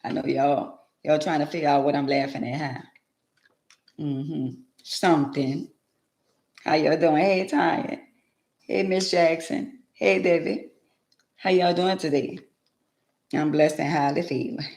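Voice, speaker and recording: A woman's voice: sits low, steady tone, a little slow, pauses often, a little mellow. Folksy older woman chatting on a live stream. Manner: chatty, folksy, emphatic rhetorical questions. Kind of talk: casual live-stream chat. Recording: echoey room.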